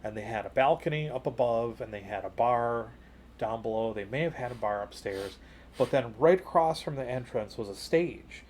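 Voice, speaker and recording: Guy on a podcast telling a long story, middle-pitched voice, says you know and like a lot, gets loud and high at the good bits. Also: moderate pace, a little hiss or hum. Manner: jumps higher and louder when retelling excited moments. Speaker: podcast co-host. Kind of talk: casual storytelling chat.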